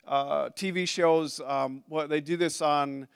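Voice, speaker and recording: High, smooth-voiced man preaching. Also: steady tone, slow. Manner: conversational, with restarts and asides. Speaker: pastor. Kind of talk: sermon.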